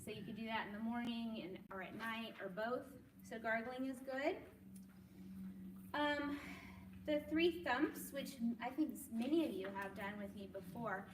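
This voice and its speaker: A woman leading a group wellness class, explaining calmly and encouraging people to join the exercises. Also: a little high, a little slow, noisy background. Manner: encouraging, demonstrates loud shouts. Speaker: workshop leader. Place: room with a group. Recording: echoey room, from far off.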